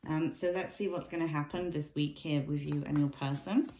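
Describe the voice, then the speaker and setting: Woman tarot reader, low voice, musing delivery, roomy echo. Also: fairly even intonation, moderate pace, background noise. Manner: musing, thinks aloud with many ums. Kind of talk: casual tarot card reading.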